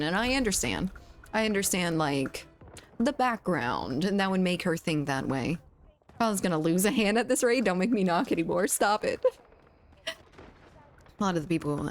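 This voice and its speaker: A woman streaming a shooter game, chatting casually with her viewers and reading their messages aloud. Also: medium pitch. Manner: chatty, reads chat aloud, laughs often. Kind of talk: casual gaming stream chat.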